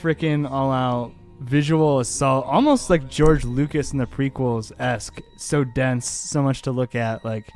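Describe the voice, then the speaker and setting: Guy on a movie podcast, rambly and excited, says like a lot, faint music in the back. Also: medium pitch, a little slow, few pauses. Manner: rambling, enthusiastic, lots of "like". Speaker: podcast co-host. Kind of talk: casual movie review chat.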